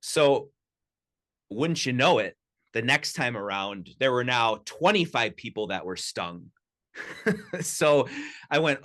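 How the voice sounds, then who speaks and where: A man telling lively personal anecdotes as a podcast guest, talking casually with lots of "you know" and "like". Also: mid-range voice, takes it slowly, long pauses. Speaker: podcast guest, sound healer. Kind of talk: casual storytelling. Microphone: studio podcast mic.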